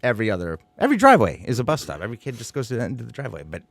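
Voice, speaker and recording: A man's voice: medium pitch, huge pitch swings, rapid-fire, vocal fry, no echo. A man in his forties, a comedy podcast co-host, telling profane stories in casual chat. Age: 40s. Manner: profane, storytelling, shouts impressions.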